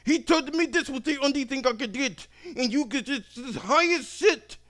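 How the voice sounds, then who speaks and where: A man voicing an irate male customer who shouts insults at a phone agent. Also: expressive, moderate pace. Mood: furious. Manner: shouting, high-pitched, accusing.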